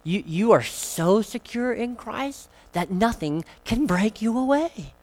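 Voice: medium pitch, lively intonation, slow, a little mellow. A pastor preaching a sermon, emphatic and fond of rhetorical questions.

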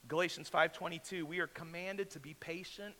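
A man preaching a sermon as pastor, talking in a conversational way, slowing down for emphasis and asking the congregation questions. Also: a little high, steady tone, bright, forceful tone. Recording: echo from a large hall.

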